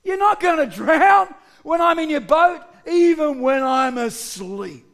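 A man's voice: very high-pitched, sing-song, a little slow, vocal fry, exaggerated voice. A preacher voicing a stern commanding holy man. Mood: chiding. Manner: forceful shouted commands. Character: stern commanding male teacher rebuking a storm.

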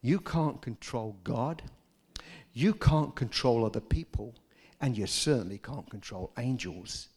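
An older man preaching a sermon, telling stories and rising to loud, emphatic peaks. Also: medium pitch, expressive, unhurried, slightly rough. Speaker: pastor.

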